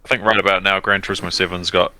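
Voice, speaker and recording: A man's voice: low voice, level tone, fast, a loud crowd, low-quality recording. A man co-hosting a podcast, rambling casually with fillers and restarts. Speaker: podcast co-host. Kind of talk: casual chat.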